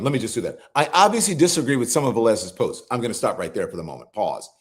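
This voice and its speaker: Animated, incredulous male commentary host. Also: on the high side. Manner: incredulous, scolding, swears freely. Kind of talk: live political commentary show.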